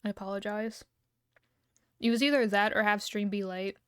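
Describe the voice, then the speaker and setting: A woman's voice: medium pitch, normal speed, smooth, no room sound, studio quality. A young woman streamer chatting casually and loosely, humming and giggling between thoughts while she eats. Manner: relaxed, rambling, hums and giggles often. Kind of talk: casual livestream chat.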